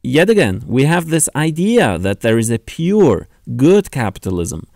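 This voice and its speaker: Male video-essay narrator, sardonic and animated, dry close-mic sound. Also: mid-range voice, a little slow, creaky, no room sound. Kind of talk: scripted narration.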